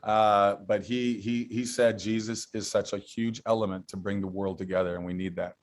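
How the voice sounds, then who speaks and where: Low-voiced man telling stories. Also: level tone, moderate pace. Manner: enthusiastic storytelling. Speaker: guest actor. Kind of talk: casual interview chat.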